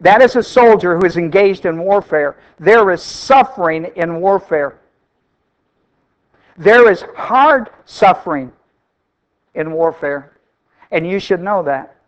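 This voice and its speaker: A man's voice: high-pitched, expressive, slow pace, long pauses, low-quality recording. A male pastor preaching a sermon, emphatic and repeating key phrases for stress.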